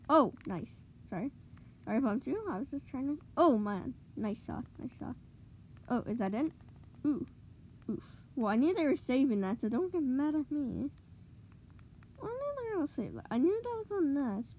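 A woman giving excitable live commentary on her own gameplay, cheering goals and groaning at misplays. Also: high voice, normal speed, pauses often, slight background noise. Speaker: gamer streamer.

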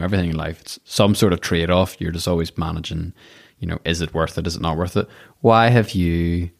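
A man hosting a podcast interview, speaking in an encouraging, reflective way and laughing easily. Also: deep voice. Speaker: podcast host. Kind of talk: casual interview chat.

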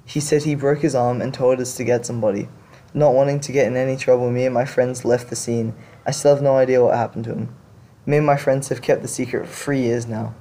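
A man's voice: medium pitch, fairly even intonation, brisk, warm tone. A man hosting a show, reading confession stories aloud and reacting to them in blunt, casual talk with some swearing. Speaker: podcast host reading stories.

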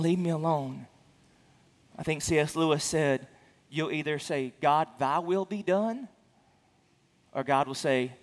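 A man preaching a sermon as a pastor, speaking earnestly with frequent restarts and stammered repeats, and getting louder for emphasis. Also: in a large hall. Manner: rises in pitch and volume for emphasis.

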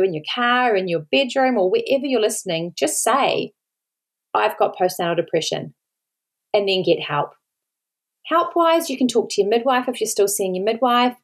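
A woman's voice: mid-range voice, lively intonation, normal speed. An Australian woman, a podcast host and mother, talking earnestly and pleadingly to listeners, near tears, repeating words for emphasis. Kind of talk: solo podcast talk.

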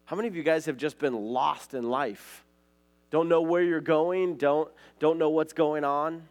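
Unhurried and a little high-pitched, a Montana man preaches with fairly even intonation. This pastor's sermon is conversational and anecdotal, with "like" and "right?" cropping up often.

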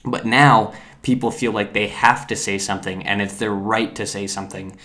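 Low-voiced man chatting loosely. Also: fairly even intonation, normal speed, bright, forceful tone. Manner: loose, filler-heavy, swears casually. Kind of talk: casual chat.

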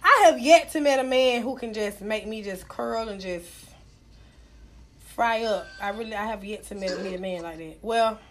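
A young woman in casual chat, telling stories loudly and brashly with plenty of cussing. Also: medium pitch, normal speed, slight background noise. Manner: loud, brash storytelling, cussing freely.

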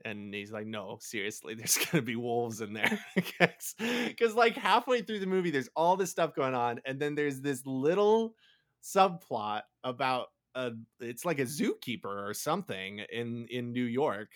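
A male podcast host chatting casually about a movie. He tells the story with animated energy and breaks into laughs. His voice sits at an average pitch and sounds dry and close. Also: unhurried, no echo.

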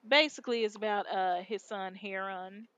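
A woman's voice: mid-range voice, normal speed, fairly bright tone, no room sound. A woman co-hosting a casual podcast chat, retelling shows in a slangy, laid-back way with lots of fillers. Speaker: podcast co-host.

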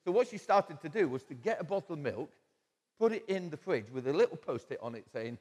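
A man's voice: a little high, big pitch swings, fairly quick, darkish tone. A man preaching a sermon in a church, telling stories conversationally with quoted asides and chuckles. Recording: long church-hall reverb.

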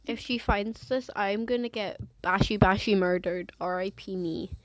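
A woman's voice: mid-range voice, moderate pace. A teenage girl with an English accent, rambling through a casual solo podcast, full of fillers and restarts. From England. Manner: rambling, filler-heavy, self-interrupting. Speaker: podcast host.

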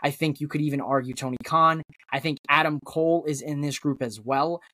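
A man's voice: fairly high pitch, fairly even intonation, fairly quick, sharp tone, no room sound. A man guesting on a wrestling podcast, rambling through theories in casual chat, with lots of restarts.

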